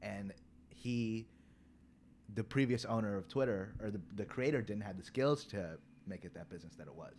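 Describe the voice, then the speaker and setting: Insistent low-voiced man explaining. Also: moderate pace, darkish tone, slight background noise. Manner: insistent, explains, repeats his point. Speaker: podcast co-host. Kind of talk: casual podcast chat.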